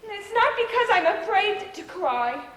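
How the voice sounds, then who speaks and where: A stage actress playing a childlike, emotionally fragile adult daughter who speaks in an earnest, pleading way during a live play. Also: female voice, extremely high pitch, big pitch swings, moderate pace, a bit bright, full character voice. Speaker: stage actor. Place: theater stage. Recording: reverberant theater from far off.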